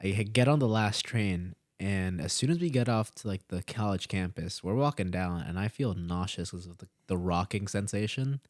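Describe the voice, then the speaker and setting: The speaker is a deep-voiced podcast co-host in his early twenties, talking at normal speed with few pauses. He's casually telling a rambling, curse-filled story and animatedly acting out what people said, captured in a clean, echo-free studio recording.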